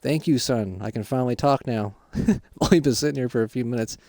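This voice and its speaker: A man voicing a gruff middle-aged dad fresh out of prison, who tells his jail stories in a boastful, rambling way. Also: mid-range voice, a little fast, mellow, no echo, studio quality, pitched below the performer's own voice, close to an everyday voice.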